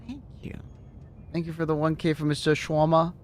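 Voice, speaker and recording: A man chatting casually on a livestream, laughing often and thanking viewers excitedly. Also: a little high, moderate pace, slight background noise. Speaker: streamer.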